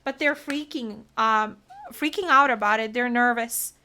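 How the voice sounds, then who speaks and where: Brief: woman tarot reader, slightly high voice, earnest and emotional delivery. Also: a little slow, pushed and bright. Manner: earnest, emotional, talks through card meanings. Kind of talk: solo tarot reading to camera.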